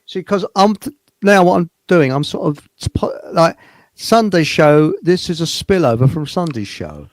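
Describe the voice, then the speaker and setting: Guy hosting a chat show, kinda scattered, voice a bit high, dry close sound. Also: sing-song, normal speed, no room sound. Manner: scattered, restarts mid-thought. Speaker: host. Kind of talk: casual chat.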